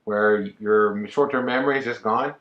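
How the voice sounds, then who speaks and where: A man co-hosting a casual reaction chat, joking and rambling in an animated way. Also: on the low side, moderate pace, echoey room, dull audio. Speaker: co-host.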